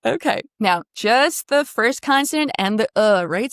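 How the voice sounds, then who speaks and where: A woman's voice: a little high, lively intonation, measured pace, no echo, clean studio sound. A woman coaching pronunciation one-on-one. She models sounds, sings them out and praises often.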